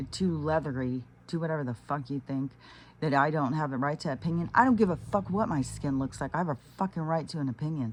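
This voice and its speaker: A woman's voice: low-pitched, a little mellow, a little hiss or hum. A middle-aged woman ranting casually to her camera, blunt and heavy on swearing, with faint ambience behind her. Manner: profane, blunt and heated. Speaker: vlogger.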